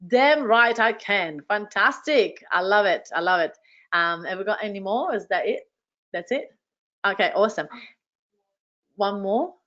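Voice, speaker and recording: A woman hosting an online workshop, telling her story with energy and heaping quick praise on participants. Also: mid-range voice, lively intonation, fairly bright tone, muffled recording. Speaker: workshop host and business coach. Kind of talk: motivational storytelling to an online audience. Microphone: video call.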